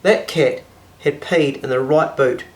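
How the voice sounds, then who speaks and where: A man's voice: a little high, unhurried. Blunt Kiwi man telling a story. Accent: New Zealand. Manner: blunt, exasperated, swears freely. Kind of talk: casual spoken anecdote.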